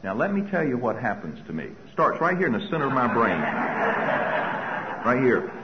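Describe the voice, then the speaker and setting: A man with a medium-pitched voice and big pitch swings speaks briskly to an audience, telling personal stories and acting out his own anxious thoughts. The lo-fi sound carries heavy background noise.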